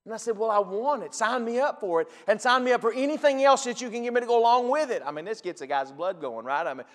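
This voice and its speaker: A man, a pastor telling folksy stories in a sermon and acting out phone calls, building to loud preaching. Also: sits high, quick pace, hardly any pauses, in a large hall. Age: 40s.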